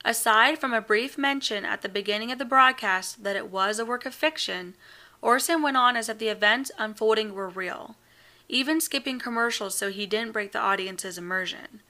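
A woman opens a fiction podcast as its host, reading a scripted introduction in a clear and welcoming way. Her voice is bright and fairly high. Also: normal speed.

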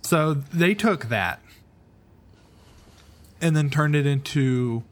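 A man's voice: fairly high pitch, slow pace. A man co-hosting a podcast in casual chat, rambling and often restarting his sentences. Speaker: podcast co-host.

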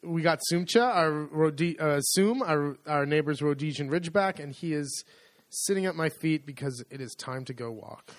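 A man co-hosting a casual podcast from a rural home. His voice sits a little high, and he rambles with many ums and restarts. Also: normal speed. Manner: rambling, hesitant with many fillers. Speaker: podcast co-host. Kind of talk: casual chat.

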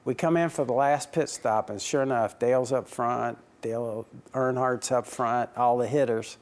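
A man's voice: medium pitch, moderate pace. A man who owns a racing team, answering interview questions by telling stories and acting out his own and others' quoted lines. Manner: animated, acts out quoted dialogue with laughs.

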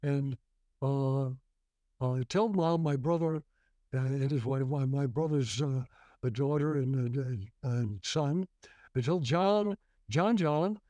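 Older man, dark dry storytelling voice. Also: mid-range voice, slow pace, dry recording. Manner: rambling, many restarts and fillers. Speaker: guest actor. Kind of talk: storytelling interview.

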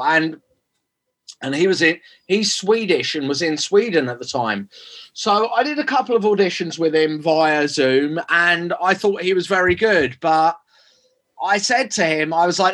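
A man with a voice pitched a little above the usual answers an interviewer's questions. He rambles loosely, stacking fillers and false starts as he thinks aloud. The feel is relaxed conversation. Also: measured pace. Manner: rambling, many restarts and fillers. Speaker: film director.

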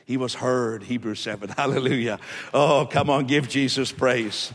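Preaching man in an echoey hall. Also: normal speed. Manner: emphatic preaching, rising loud then dropping low. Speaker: pastor. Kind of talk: sermon.

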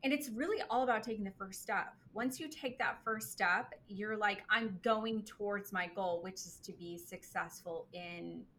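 A woman's voice: mid-range voice, normal speed, few pauses, pushed and bright, a little hiss or hum. A woman hosting an interview, answering her guest with enthusiastic, affirming chat. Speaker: podcast host. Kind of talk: conversational interview.

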